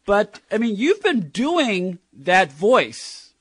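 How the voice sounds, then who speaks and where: A man's voice: high-pitched, big pitch swings, extremely slow, a bit bright, husky, no echo, clean studio sound. A man hosting an interview, asking hesitant follow-up questions. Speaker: interviewer host.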